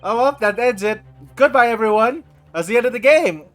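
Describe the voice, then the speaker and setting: A man commentating on a game during a live stream, excitable and swearing freely. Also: very high-pitched, brisk. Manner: excitable and profane. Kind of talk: casual live gameplay commentary.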